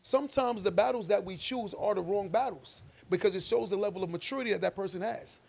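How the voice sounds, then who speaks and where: Podcast co-host, male, high gravelly voice, emphatic preachy delivery. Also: fast. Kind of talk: casual debate chat.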